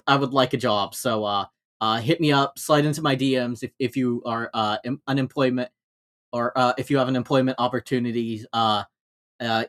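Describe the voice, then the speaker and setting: Laid-back man co-hosting a podcast. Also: medium pitch. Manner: relaxed, many fillers, swears casually. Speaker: podcast co-host. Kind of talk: casual chat.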